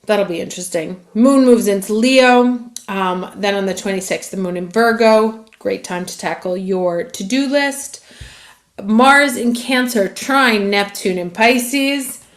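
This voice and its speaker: Woman, astrologer, casual horoscope reading, chatty, mid pitch. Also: a little slow. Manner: chatty, casual, listing dates.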